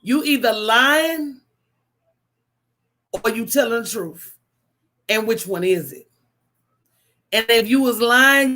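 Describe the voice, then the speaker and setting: A woman hosting a casual livestream, telling stories in an animated, preachy way with call-and-response asides to her viewers. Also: on the high side, slow pace, long pauses. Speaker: host.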